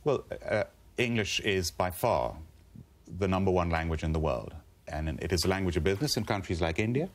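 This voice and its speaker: A man with a low, lively voice argues his point on a studio panel. He talks emphatically, as if lecturing, stressing key words. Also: a little fast. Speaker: debate show panellist. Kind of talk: panel debate.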